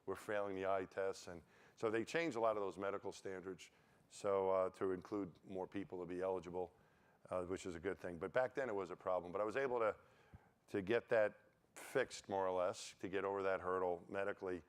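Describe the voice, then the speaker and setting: A man on a conference panel telling casual, animated stories and acting out what others said to him. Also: deep voice, a little fast, clean tone. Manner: animated anecdotes, acts out quoted voices. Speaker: panel speaker, former astronaut. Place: conference stage.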